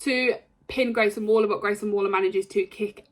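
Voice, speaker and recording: A woman giving a casual, rambling recap of a wrestling show, excitable and full of ums and likes. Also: mid-range voice, a little fast.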